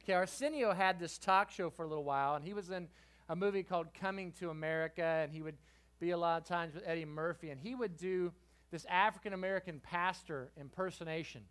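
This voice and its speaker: Middle aged guy preaching to teens, kinda high voice, gets loud then soft, lively storyteller. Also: fast talker. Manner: lively, swings from quiet to loud. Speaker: guest preacher. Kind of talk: youth sermon with storytelling. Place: church youth service.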